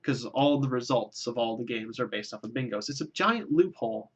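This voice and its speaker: A man's voice: medium pitch, expressive, fairly quick, slightly rough, dull audio. A man delivering a rambling, self-deprecating comic monologue, with lots of filler words and restarts. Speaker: vlogger.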